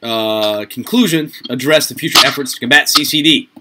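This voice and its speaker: A man tutoring students for the SAT over a video call, coaching them through answers in an upbeat, chatty way. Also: medium pitch. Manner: upbeat, coaching, quick asides and laughs. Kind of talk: online tutoring session. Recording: noisy online call audio.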